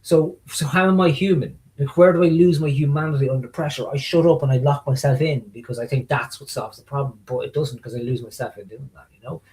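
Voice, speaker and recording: A man's voice: mid-range voice, fast, hardly any pauses, low-quality recording. A middle-aged man, a guest in a casual conversation, telling stories animatedly and acting out what people said. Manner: animated storyteller acting out quotes. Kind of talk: casual video-call conversation.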